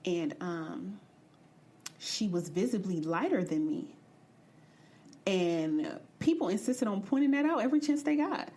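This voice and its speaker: A young woman from the Midwestern United States hosts a podcast with a slightly husky, breathy voice at an ordinary middle pitch. She tells personal stories candidly and bluntly, cursing freely and getting animated as she goes. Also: a little slow, pauses often. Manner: blunt, profane, animated retelling. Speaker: podcast host. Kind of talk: candid storytelling monologue.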